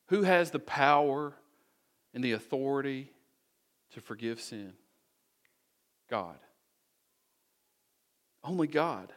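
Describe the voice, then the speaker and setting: A male pastor delivers a sermon in an easy, conversational way. He poses rhetorical questions and drops folksy asides, and his voice sits at an ordinary middle pitch for a man.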